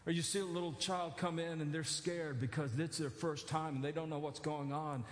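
A man preaching a sermon as pastor, animated, building to near-shouted emphasis with joking asides. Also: a little high, normal speed. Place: church sanctuary. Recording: echoey church hall.

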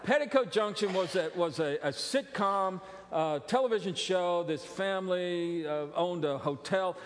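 A middle-aged male pastor preaching a sermon, animated and joking, with frequent restarts. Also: high voice, unhurried, a little hiss or hum. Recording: long reverb of a large hall.

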